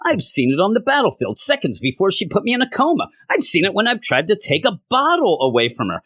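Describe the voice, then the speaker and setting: A man putting on a mocking voice for an armored male hero who rambles through an overlong list, his pitch climbing higher and higher. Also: huge pitch swings, fast, fairly bright tone, breathy edge, exaggerated voice. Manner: sarcastic, exaggerated, rising pitch.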